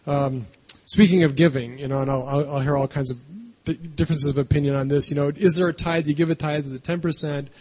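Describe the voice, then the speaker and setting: A man delivering a sermon in a loose, conversational way, often tagging his points with a quick "right?". His voice is husky and sits fairly high. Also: fairly even intonation, a little mellow. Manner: chatty, keeps adding "right?". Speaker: pastor.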